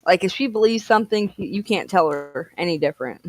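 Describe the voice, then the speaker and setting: A woman's voice: on the low side, animated, brisk, no echo, poor audio. A woman co-hosting a casual chat show, easygoing and rambling with lots of fillers. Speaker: co-host.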